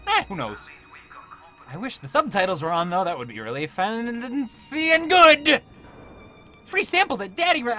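A young man doing let's-play commentary, excitable and swearing, shouting at the game. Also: fairly high pitch, slight background noise. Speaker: gaming YouTuber. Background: game sound and music.

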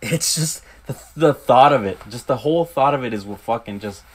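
A young man reviews a horror film in a loose, profane rant. He retells scenes in a rush and jumps into quick acted quotes along the way. His pitch swings up sharply when he gets worked up. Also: animated. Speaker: movie reviewer. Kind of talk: casual movie review rant.

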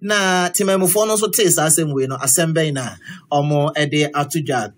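A Ghanaian man with a Ghanaian accent hosting a casual chat, reading out social media comments, mixing English and Twi with lively reactions. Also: on the high side, normal speed. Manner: mixes English and Twi, laughs and reacts loudly.

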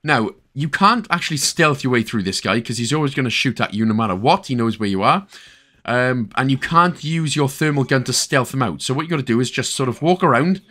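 Animated and a little fast, this Welsh game-guide narrator has a mid-range voice that sounds pushed and bright. His walkthrough commentary is casual and chatty, full of jokes aimed at the player.

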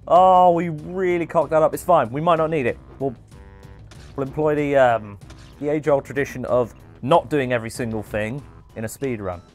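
A man hosting a live speedrun stream, chatty and excitable, with frequent exclamations and cheers. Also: medium pitch, moderate pace, soft background music. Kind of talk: live gameplay commentary.

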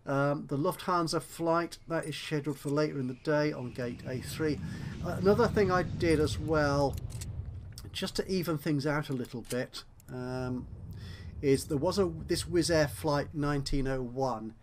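A man's voice: a little high, moderate pace, slight background noise. A man casually commenting on a management game he is playing, rambling and correcting himself with wry asides. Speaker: let's play host.

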